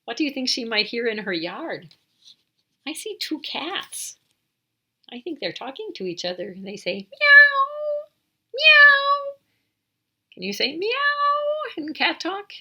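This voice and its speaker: A woman reads a picture book aloud to young children in a storytime session. Her voice swoops high and low, clear and bright, as she pauses to ask questions and mimic animal noises. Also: huge pitch swings. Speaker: storytime host.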